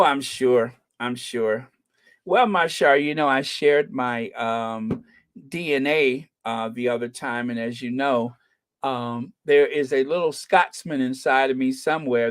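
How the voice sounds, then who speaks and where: A man's voice: mid-range voice, no room sound. Middle-aged man chatting in a dry room. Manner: rambling, joking and musing aloud. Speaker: travel vlogger. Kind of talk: casual chat.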